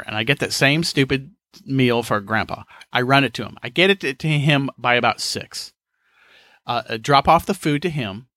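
A man with a bright, forward voice that swings up and down as he tells a rambling story. He swears freely and sounds exasperated, chuckling as he goes, and the sound is close and dry with no room around it. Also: medium pitch, dry recording. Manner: profane, laughing, exasperated. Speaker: podcast host.

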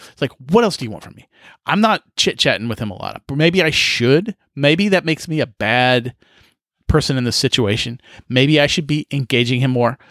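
A man in his fifties hosts a solo podcast, telling exasperated, profane stories punctuated by frequent laughs and sighs. His medium-pitched voice is a bit bright, captured in a dry, clean studio recording.

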